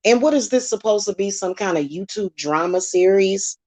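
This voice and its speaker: A woman's voice: medium pitch, lively intonation, moderate pace, darkish tone, no room sound. A woman hosting her own channel, delivering a heated, profane, confrontational rant at her critics. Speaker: spiritual reader and channel host. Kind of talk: angry vlog rant.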